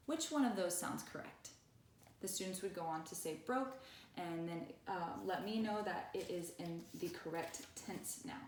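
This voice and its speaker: A woman teacher walking through a grammar lesson, reading example sentences slowly and deliberately. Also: fairly low pitch, darkish tone, a little hiss or hum. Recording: echoey room, voice far from the mic.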